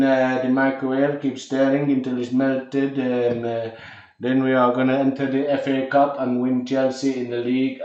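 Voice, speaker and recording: A man's voice: medium pitch, a little mellow, highs cut off. Rambling man in an echoey kitchen. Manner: rambling, jokey, repeats himself, chats to viewers. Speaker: cooking livestream host. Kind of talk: casual live cooking chat. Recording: echoey room, voice far from the mic, faint noise.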